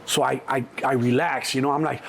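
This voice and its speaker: A middle-aged man, telling stories as an interview guest in a lively, profane way and acting out other people's voices. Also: brisk, gravelly, breathy edge. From Chicago. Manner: animated, acts out other people's voices in a higher pitch, profane. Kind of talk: storytelling in an interview.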